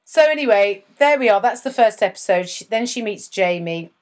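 Woman, British, casual podcast chat, sarcastic, lively pitch. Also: brisk. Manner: sarcastic, teasing, puts on voices when quoting. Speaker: podcast co-host.

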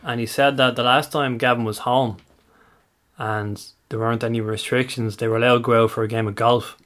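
A man co-hosting a casual football podcast, sharing news in a measured, dryly humorous way. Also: mid-range voice, level tone, a bit bright. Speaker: podcast co-host.

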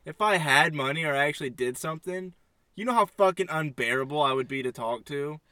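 A young man rants bluntly on a podcast, swearing freely. His voice sits a little high and bright, recorded dry and close. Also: expressive, fairly quick, no room sound. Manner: blunt, ranting, profane. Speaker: podcast co-host. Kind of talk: casual chat.

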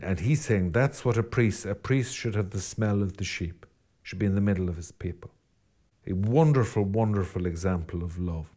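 A man's voice: low voice, moderate pace, mellow. An Irish man, a Catholic priest, giving an earnest, rambling podcast reflection with self-deprecating asides.

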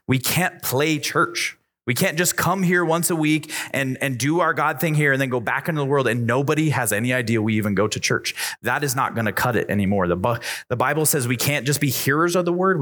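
This male youth pastor delivers a forceful, repetitive message in the church's youth room. His voice climbs higher as his excitement builds.

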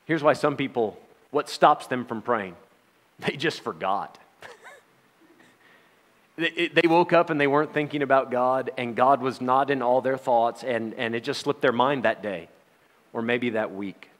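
A man's voice: mid-range voice, unhurried, long reverb tail. A middle-aged man giving a Bible study sermon, talking in a conversational way with rhetorical questions and wry sarcastic asides. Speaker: Bible teacher.

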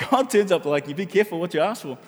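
A man's voice: sits high, lively intonation, fairly quick. A man preaching a sermon, talking animatedly and conversationally, often restarting his sentences. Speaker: pastor. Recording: hall with long reverb.

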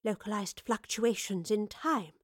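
A woman voicing a calm, learned female professor who explains things in a quiet, measured voice. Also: medium pitch, no echo, clean studio sound, lightly acted. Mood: quiet, grave.

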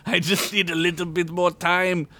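A man's voice: high voice, level tone, moderate pace, bright, forceful tone, voice pushed up. A man doing a groveling deer-faced druid with an odd accent. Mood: pleading. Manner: pleading, with an odd put-on accent.

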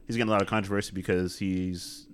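A man's voice: sits low, little pitch movement, fast talker, a little hiss or hum. A man co-hosting a casual podcast, dropping laid-back, wry remarks and laughing easily. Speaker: podcast co-host. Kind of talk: casual chat.

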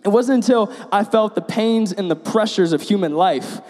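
A man's voice: high-pitched, normal speed, darkish tone. Young man preaching in an echoing hall. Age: young adult. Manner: conversational, self-deprecating storyteller. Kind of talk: casual sermon with personal stories. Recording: long hall reverb.

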